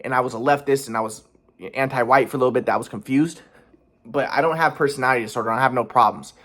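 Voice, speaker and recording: A man's voice: mid-range voice, fast talker, fairly bright tone. A man telling a personal story in a rambling vlog monologue, full of stumbling restarts and frank, profane asides.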